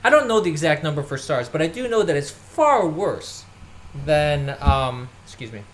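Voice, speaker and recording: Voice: medium pitch, very animated, moderate pace, a little hiss or hum. Ranting solo podcast host. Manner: ranting, scoffing, mimics others mockingly. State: occasional coughing. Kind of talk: solo political commentary monologue. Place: at home, moving about tidying.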